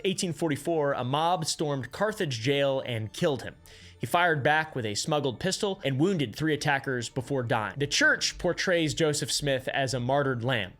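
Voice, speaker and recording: A man narrating a history video in a brisk, wry, scripted storytelling manner. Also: mid-range voice, fairly bright tone.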